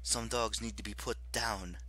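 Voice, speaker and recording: A man's voice: fairly low pitch, fairly even intonation, moderate pace, pushed and bright. A man voicing a grim, brooding teenage boy who speaks coldly. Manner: cold, snarling.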